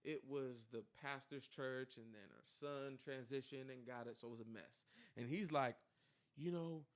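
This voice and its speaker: A young man telling a personal story in casual chat, animated and full of fillers, acting out quoted dialogue. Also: medium pitch, moderate pace. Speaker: podcast co-host telling his story.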